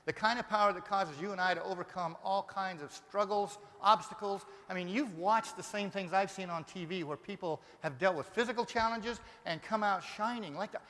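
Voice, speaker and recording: A man from Denver giving a live motivational seminar, energetic and firing rhetorical questions at the audience. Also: high-pitched, fairly quick, few pauses. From Denver, Colorado. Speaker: motivational speaker. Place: large seminar hall. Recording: long reverb of a live hall.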